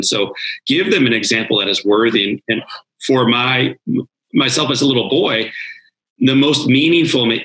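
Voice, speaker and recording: Man, guest speaker, earnest dramatic storytelling, bright forceful tone. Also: mid-range voice, low-quality recording. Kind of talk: podcast interview storytelling.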